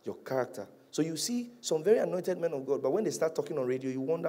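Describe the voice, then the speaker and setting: A male pastor preaching a sermon, animated, rising to loud peaks and dropping to hushed, drawn-out lines. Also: on the high side.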